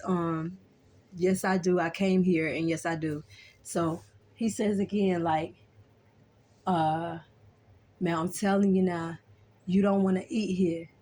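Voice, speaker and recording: A woman's voice: lowish voice, darkish tone, a little hiss or hum. A young woman casually telling a personal story in a chatty, colloquial way, often checking in with "you know what I'm saying.".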